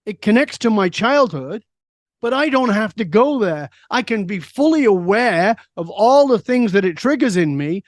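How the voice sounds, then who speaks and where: A middle-aged man, a guest on an interview, telling stories in a lively way and answering his own questions. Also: high voice, normal speed, no echo, clean studio sound. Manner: lively storyteller who asks himself questions and answers them. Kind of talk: storytelling in a conversational interview.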